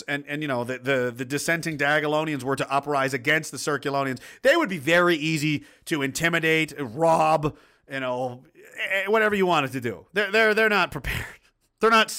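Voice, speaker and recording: A man's voice: fairly high pitch, bright, forceful tone. A man hosting a livestream, ranting in crude, mocking, blunt commentary and reading out viewer comments. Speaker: livestream host reading chat.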